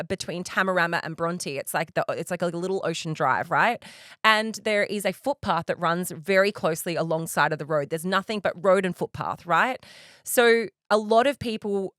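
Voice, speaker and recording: A woman co-hosting a podcast, telling a story with animated energy and frequent laughter. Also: lowish voice, no room sound, clean studio sound. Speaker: podcast co-host. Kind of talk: casual chat, storytelling.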